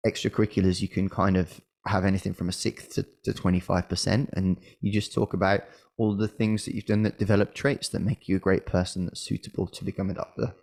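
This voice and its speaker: A man's voice: low-pitched, level tone, quick pace, vocal fry, darkish tone. A middle-aged man, a medical school admissions coach, giving casual advice with frequent restarts and an occasional cough. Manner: conversational, hesitant with restarts and fillers. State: coughing, slightly unwell.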